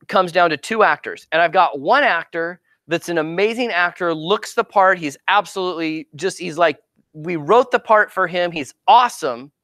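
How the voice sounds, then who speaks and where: A middle-aged man giving an informal marketing seminar in a lively, conversational way, often checking in with "right?". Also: sits high, no echo. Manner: conversational, animated, keeps asking "right?". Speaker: marketing speaker and actor coach.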